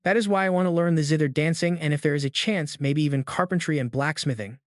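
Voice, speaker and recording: A man gives voice to a carefree young male cultivator in a manhwa recap. The delivery is breezy and amused, a touch high, with a close, dry sound. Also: quick pace, no echo, natural voice.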